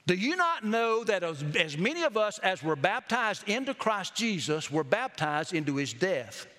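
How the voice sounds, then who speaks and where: A man's voice: high voice, big pitch swings, moderate pace, bright, forceful tone. A male pastor preaching an emphatic sermon, quizzing the congregation with questions as he goes. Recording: long reverb of a hall.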